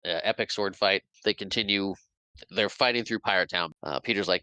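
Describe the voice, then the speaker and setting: A man's voice: deep voice, brisk, pushed and bright, clear, resonant tone, dry recording, rough recording. A man casually recapping a film scene by scene on a podcast, rambling a bit and laughing often. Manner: rambling play-by-play retelling, acts out quotes, laughs often. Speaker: podcast host.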